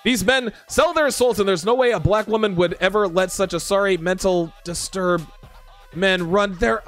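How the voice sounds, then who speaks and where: Man, host, sarcastic and profane rant, high pitch, faint music behind. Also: normal speed, a bit bright. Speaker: dating commentary host. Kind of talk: ranting reaction to viewer comments.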